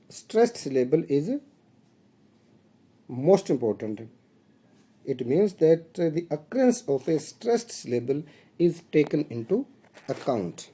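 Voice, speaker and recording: A middle-aged man with an Indian English accent giving a recorded video lecture to literature students. He speaks deliberately, repeats his points, fills pauses often and calls the students dear friends. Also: a little high, very animated, warm tone, slightly rough.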